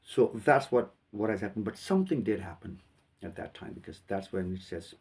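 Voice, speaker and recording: A man from Pakistan, giving halting commentary on a video and repeating words as he thinks. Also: lowish voice, lively intonation, darkish tone, husky, far from the mic.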